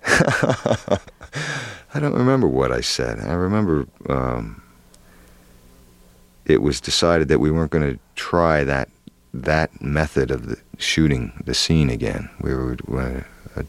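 Very deep-voiced man telling a story. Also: animated, creaky, no echo. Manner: halting, many restarts and fillers, earnest. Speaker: actor guest. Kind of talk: candid interview storytelling.

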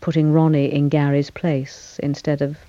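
A woman actress speaks in a mellow, darker tone, reflecting on her work with pauses and fillers. The sound is dry and a little muffled. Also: low voice, level tone, no echo. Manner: thoughtful, measured, with frequent fillers and little laughs. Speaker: actress as interview guest. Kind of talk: reflective interview answers.

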